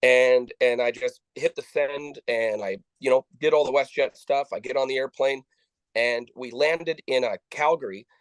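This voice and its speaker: Halting man telling a story. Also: medium pitch, dry recording, low-quality recording. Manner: halting, with frequent restarts and repeated words; acts out the dialogue of people he quotes. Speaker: interview guest. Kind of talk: conversational storytelling.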